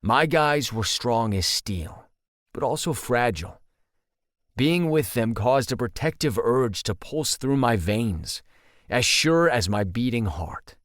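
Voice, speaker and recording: Male audiobook narrator, mid-pitched, steady first-person read, dry booth sound. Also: no room sound.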